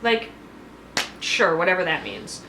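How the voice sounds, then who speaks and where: A woman talking in a casual, expressive recap-vlog style, with lots of "like" fillers. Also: lowish voice, a little slow, background noise. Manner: chatty and expressive, with many fillers like "like". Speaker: TV reality show reviewer. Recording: roomy echo.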